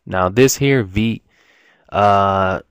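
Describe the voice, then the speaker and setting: A man's voice: low-pitched, extremely slow, clear, resonant tone, no echo, clean studio sound. A man giving a casual, rambling language lesson at his computer, full of restarts and fillers. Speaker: language teacher.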